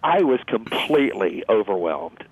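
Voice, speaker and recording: A man guest earnestly telling a personal story in a halting, emotional way, heard over a phone-like line. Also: lowish voice, big pitch swings, vocal fry, slightly rough, no room sound. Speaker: interview guest. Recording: phone-like narrow line, dry.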